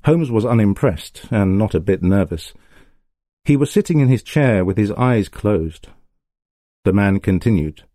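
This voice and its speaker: A man reads a storybook aloud in a plain, steady manner. His voice is low and mellow. The sound is dry and close. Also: measured pace, no echo. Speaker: narrator. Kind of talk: storybook reading.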